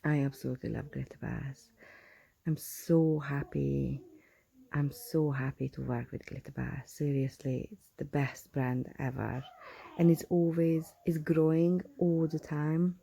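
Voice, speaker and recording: A woman, a nail technician, chatting to viewers in a casual tutorial voice-over, often dropping into soft whispered asides. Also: low-pitched, level tone, measured pace, vocal fry, slightly rough. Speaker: nail technician, channel host. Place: at home.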